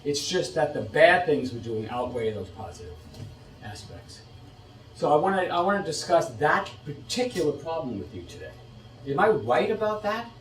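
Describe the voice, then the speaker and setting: Man from the United States, middle-aged, lecturing, animated rhetorical questions, slightly higher voice, echoey room. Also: normal speed, distant mic. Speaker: policy expert giving a talk. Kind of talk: lecture to an audience.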